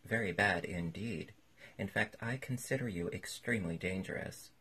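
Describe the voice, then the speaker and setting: Man doing a polite formal old gent, deep and raspy. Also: moderate pace, bright, forceful tone, heavily acted. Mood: courteous. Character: courteous old literary gentleman.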